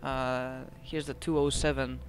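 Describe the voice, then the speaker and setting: A man's voice: medium pitch, little pitch movement, measured pace, slight background noise. A Greek man giving casual, joking commentary over a game and reading letters aloud. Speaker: gameplay commentator. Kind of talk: casual let's-play commentary.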